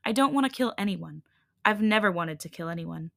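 A woman reading a tired but firm young male hybrid leader in a calm, steady voice. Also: medium pitch, brisk, gravelly, no echo, studio quality.

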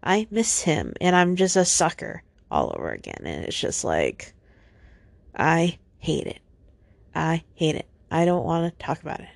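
Upset young woman venting solo, sighs a lot, low gravelly voice, dry close sound. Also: huge pitch swings, normal speed, no room sound. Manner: frequent heavy sighs, upset. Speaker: podcast host.

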